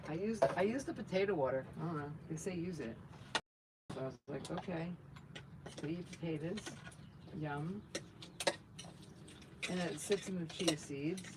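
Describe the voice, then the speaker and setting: A woman's voice: sits low, normal speed, pauses often, very noisy. A woman hosting a casual livestream, chatting in a rambling, self-joking way as she moves around her truck outdoors, filmed on a phone. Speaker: channel host. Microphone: phone camera.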